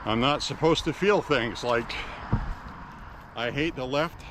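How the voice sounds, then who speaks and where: A man's voice: mid-range voice, slow pace. Man, mid-range voice, walking outdoors, phone camera, emotional, blunt, faint traffic noise. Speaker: vlogger. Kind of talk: walking vlog monologue.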